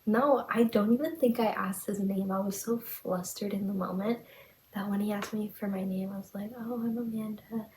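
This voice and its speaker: Chatty young woman podcaster, gravelly edge. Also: medium pitch, steady tone, normal speed, a little mellow. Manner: chatty, lots of "like", dramatic retelling. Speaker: podcast host. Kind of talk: casual storytelling. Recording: echoey room with faint hiss.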